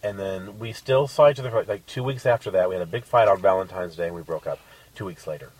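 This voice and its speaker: A man on a podcast casually telling a crude dating story, animated and swearing. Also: low voice, quick pace, dry recording, distant mic, poor audio. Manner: crude, animated, acts out quotes.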